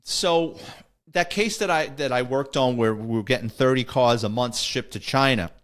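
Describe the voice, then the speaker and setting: A man's voice: mid-range voice, moderate pace. A middle-aged man, hosting a podcast and telling stories in a casual, wisecracking way, acting out the voices of the people in them. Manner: animated, wisecracking, acts out quoted voices. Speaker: podcast host. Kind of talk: casual storytelling.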